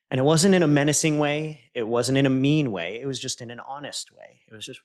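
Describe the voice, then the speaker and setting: A man, a podcast guest, recounting a painful personal story in an earnest, intense way, dropping soft and low when he quotes what was said. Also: brisk, few pauses. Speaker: podcast guest, entrepreneur and coach. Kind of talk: emotional personal storytelling in conversation.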